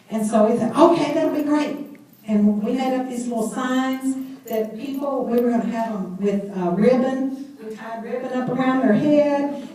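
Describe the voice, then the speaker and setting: A middle-aged woman gives a personal testimony. She tells it as an animated storyteller who laughs at herself. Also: high voice. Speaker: speaker sharing her story. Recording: echoey hall from far off.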